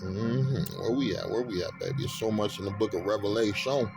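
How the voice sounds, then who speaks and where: A man preaching from the Bible, reading verses aloud and breaking into loud, fervent, laughing commentary in casual slang. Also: on the low side, vocal fry. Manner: casual slangy talk, unhurried while looking up verses. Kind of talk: street sermon reading scripture. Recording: music playing under the voice. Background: music bed.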